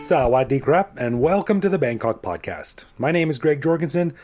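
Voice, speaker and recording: A Canadian man in his forties co-hosting a podcast, talking in a relaxed, self-deprecating way. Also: fairly high pitch, normal speed, over loud music. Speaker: podcast co-host. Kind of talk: casual chat.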